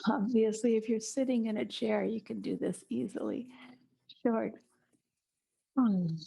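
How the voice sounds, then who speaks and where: A middle-aged woman teaching a guided movement lesson indoors, giving slow, soothing instructions with soft breathy asides. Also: a little high, steady tone. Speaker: eurythmy teacher. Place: indoor room, small.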